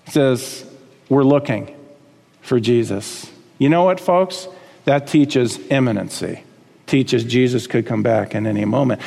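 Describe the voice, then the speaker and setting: A man preaching a sermon as pastor, emphatic, climbing high on key words and dropping low again. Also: darkish tone, long reverb tail.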